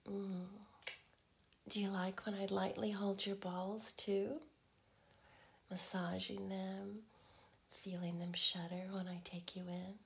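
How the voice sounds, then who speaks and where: A woman in a whispered role-play as a girlfriend, teasing in slow, breathy whispers broken by soft hums. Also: mid-range voice, level tone.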